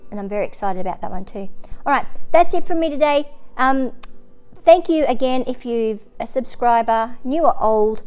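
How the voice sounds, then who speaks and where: Chatty woman, smooth higher voice. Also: expressive, moderate pace, darkish tone, faint music behind. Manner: chatty and rambling, frequent ums and self-corrections. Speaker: crochet and knitting channel host. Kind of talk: casual chat to camera.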